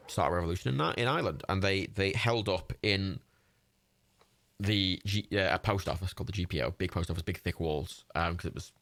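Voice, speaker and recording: A man's voice: deep voice, fairly bright tone. A young man livestreaming, rambling casually with lots of fillers, restarts and laughs while playing a game.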